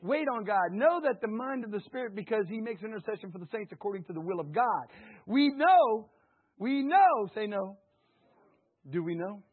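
A fast-talking preacher barely pauses during his fervent sermon, rising to shouts, dropping low, and calling for the congregation to repeat after him. His throat is slightly hoarse, and the audio is narrow and tinny.

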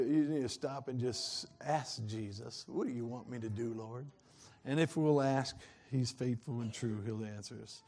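A man's voice: mid-range voice, gravelly, mellow. A man preaching a sermon in a folksy, earnest way that swells into fervent peaks.

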